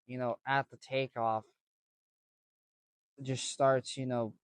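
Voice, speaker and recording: A man's voice: mid-range voice, flat delivery, takes it slowly, clean tone, dry recording. A man casually telling a story to camera, rambling with slang and many restarts. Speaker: vlogger.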